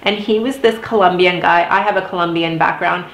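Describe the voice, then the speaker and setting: A woman's voice: lowish voice, brisk, creaky, a bit bright. A young adult woman telling a candid, emotional story in a casual storytime vlog, with lots of "like". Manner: candid, emotional, heavy use of "like". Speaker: vlogger. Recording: roomy echo.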